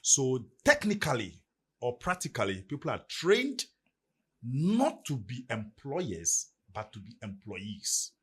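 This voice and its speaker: A middle-aged man with a Ghanaian English accent talks on a podcast with emphatic, preacher-like force. His voice is husky and slightly breathy. His pitch swings widely as he builds each point. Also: huge pitch swings, slow pace, fairly bright tone. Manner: preacherly, emphatic, rising and falling delivery. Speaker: podcast guest. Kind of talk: motivational podcast talk.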